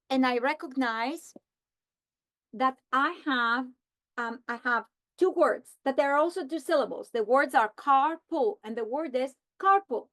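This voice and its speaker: A woman explaining how to teach a reading lesson, slowly modeling the script she would read to students. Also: sits high, a bit bright. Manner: slow, deliberate modeling of a script. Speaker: teacher trainer. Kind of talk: instructional walkthrough.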